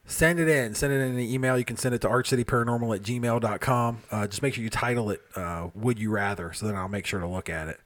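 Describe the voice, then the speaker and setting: A man co-hosting a paranormal podcast, casual and animated, swearing and laughing often. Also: medium pitch, quick pace, hardly any pauses. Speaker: podcast co-host.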